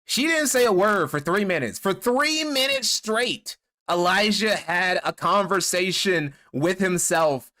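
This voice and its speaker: A man with a slightly high voice talks loosely and crudely as a livestream host. He mocks people with gossipy relish, swears freely and chuckles at his own jokes. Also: sharp tone. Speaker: livestream commentator. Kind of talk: casual stream commentary.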